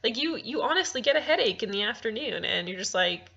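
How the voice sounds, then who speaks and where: A woman's voice: fairly high pitch, expressive, fast, creaky, sharp tone, lo-fi sound. A young woman answering viewer questions in a casual vlog, bubbly and giggly, rambling with many ums and restarts.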